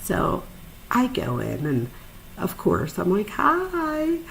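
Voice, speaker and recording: A woman telling a personal story in a chatty, animated way, with frequent fillers and sudden high-pitched asides. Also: slow, creaky, a little hiss or hum, rough recording. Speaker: podcast host, psychologist.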